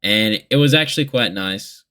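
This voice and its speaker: A man's voice: fairly low pitch, animated, normal speed, bright, forceful tone, clear, resonant tone. A young man in a casual confessional vlog monologue, rambling and candid with heavy swearing. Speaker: vlogger.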